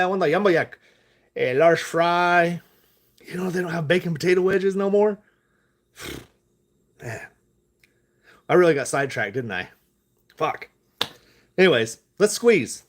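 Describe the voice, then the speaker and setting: A man rambles on a live stream, swearing freely and laughing at his own tangents. His talk is loose and unhurried, chatty rather than polished. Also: medium pitch. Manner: loose, profane, laughing asides. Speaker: stock-talk vlogger.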